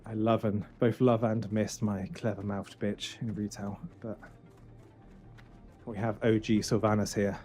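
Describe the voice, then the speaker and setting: A man streaming a game for charity in casual, joking chat, swinging from loud outbursts to quiet muttering. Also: lowish voice, little pitch movement, unhurried, faint music behind.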